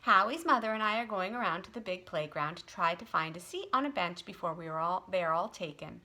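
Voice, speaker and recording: A woman reading a storybook aloud and voicing a patient mother speaking gently and coaxingly. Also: fairly low pitch, expressive, brisk. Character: kind, patient adult mother.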